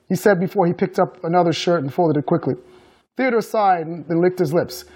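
A male author reading aloud from his novel with measured storytelling. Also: a little high, mellow. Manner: measured storytelling with acted dialogue.

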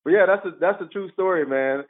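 A man with a fairly high voice tells lively stories from his playing days and acts out what people said to him. He comes through a tinny, phone-like line. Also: a little fast. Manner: animated storyteller, acts out quotes. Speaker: guest, former pro basketball player. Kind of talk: storytelling interview.

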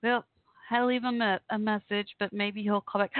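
Still weak from the flu, this woman hosts a casual online radio show, chatting affectionately and speaking straight to her listeners. She has a medium pitch, fairly even intonation, and a normal speed. It sounds tinny and phone-like, with a dry recording.

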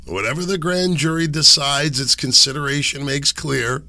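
A man's voice: fairly high pitch, normal speed, creaky, pushed and bright, no room sound, pitched above the performer's own voice, exaggerated voice. A man voicing an indignant old woman in a put-on old Italian lady accent while sick. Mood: indignant mocking.

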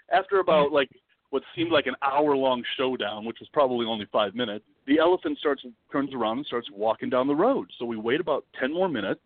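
A man guesting on a podcast, telling a travel story in a lively, dramatic way and swearing freely. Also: mid-range voice. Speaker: podcast guest, wildlife video producer. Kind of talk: casual storytelling. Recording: dry, tinny phone-like line.

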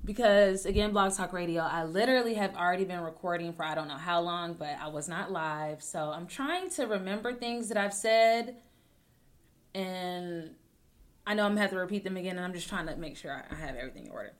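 A young adult woman hosting her own talk show, rambling with many restarts, joking to deflect, swinging between loud bursts and soft mumbles. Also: on the low side, brisk. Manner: rambling, self-interrupting, jokes to deflect. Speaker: podcast host. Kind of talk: casual personal talk show.

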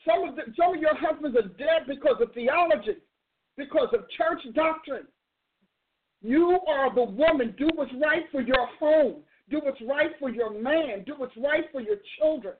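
A woman's voice: high-pitched, expressive, moderate pace. Blunt, emphatic woman preacher on a phone-like line. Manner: blunt, emphatic, exhorting, not soft-voiced. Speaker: talk show host and minister. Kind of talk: preaching call-in style talk. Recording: narrow phone-like audio.

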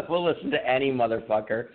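Man, podcast co-host, casual chat, crude jokes, frequent laughter, mid pitch, phone-like sound. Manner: joking, profane, laughs often. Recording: tinny phone-like audio.

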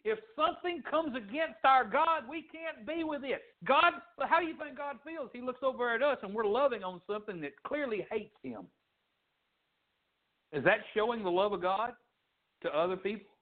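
A man preaching a fiery sermon as pastor, swinging from shouts to low, quiet lines. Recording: tinny phone-like sound.

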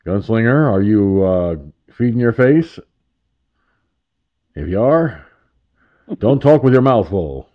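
A man's voice: fairly low pitch, expressive, takes it slowly, long pauses. A man hosting a casual internet talk radio show, rambling and self-amused with chuckling asides. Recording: muffled lo-fi internet radio audio.

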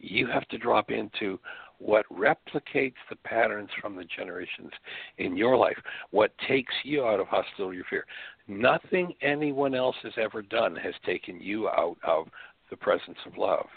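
A man's voice: fairly low pitch, moderate pace, vocal fry, breathy edge, no room sound. A man hosting a spiritual radio show, speaking earnestly from his bedroom over the phone, with rhetorical questions. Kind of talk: spiritual teaching talk. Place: bedroom at home. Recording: phone-line call audio, dry.

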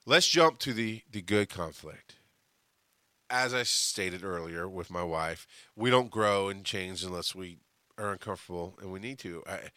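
A middle-aged man hosting a solo podcast, talking emphatically and swearing freely, dropping quiet and then getting loud. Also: mid-range voice, no room sound, clean studio sound. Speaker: podcast host.

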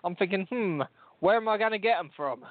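A London-accented man co-hosts a podcast, teasing and swearing through rambling, casual banter. His voice is high-pitched, animated and a little fast, heard over a dry, tinny, phone-like line.

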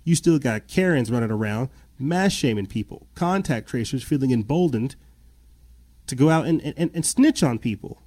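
A man's voice: medium pitch, animated, moderate pace, a little mellow. A man giving agitated, repetitive commentary and reading news aloud, his voice rising when indignant. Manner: agitated, repeats himself, voice rises when indignant. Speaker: podcast host.

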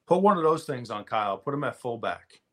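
A man's voice: mid-range voice, very animated, fairly quick. A man co-hosting a casual sports chat, easygoing and teasing. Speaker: podcast co-host.

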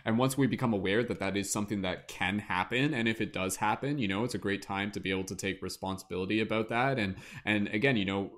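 A man's voice: on the low side, quick pace, few pauses, fairly bright tone. A man hosting a podcast group discussion, reflective, passing the turn to the next speaker. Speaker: podcast host.

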